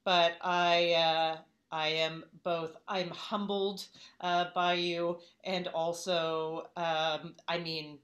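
A woman hosting a live storytelling event, halting with many "um"s, then turning wry and comic. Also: on the low side, flat delivery, fairly bright tone, muffled recording. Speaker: host.

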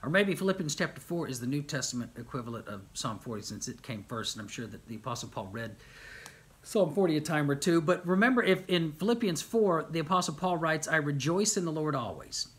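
Man, middle-aged pastor, fairly high voice, animated sermon. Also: a little fast. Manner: animated preaching with rhetorical questions and repetition.

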